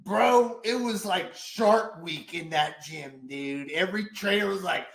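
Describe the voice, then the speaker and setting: A man co-hosting a casual fitness podcast, an animated storyteller who swears and laughs a lot. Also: high-pitched, unhurried, creaky, few pauses, roomy sound, a little hiss or hum. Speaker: podcast co-host and fitness trainer.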